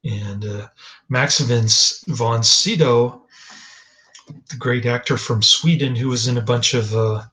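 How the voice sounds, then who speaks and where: A man's voice: medium pitch, fairly even intonation, slow, a bit bright, poor audio. A man giving a casual, rambling movie review, hesitant with many fillers and restarts, dry and dismissive.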